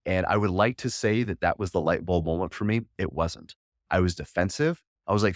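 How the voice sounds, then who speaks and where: A podcast guest in his forties who works as a coach tells a personal story earnestly and candidly, often restarting his sentences. His deep voice moves briskly, and the studio-quality audio has no echo.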